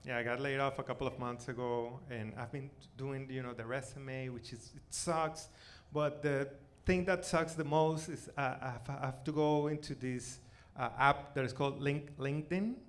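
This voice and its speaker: A man in his forties from Venezuela with a Spanish accent, performing a self-mocking stand-up set on a theater stage, loud one moment and muttering the next. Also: medium pitch, normal speed, hardly any pauses. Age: 40s. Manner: animated, self-mocking, swings between loud outbursts and mutters. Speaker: stand-up comedian.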